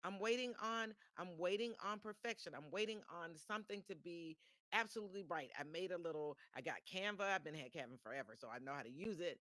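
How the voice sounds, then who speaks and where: A woman's voice: on the low side, fairly quick, a bit bright, no room sound. A woman hosts a motivational live-stream podcast. She talks chattily, circles back on her phrases and restarts often. Her voice sounds dry and close, with little room sound. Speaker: podcast host.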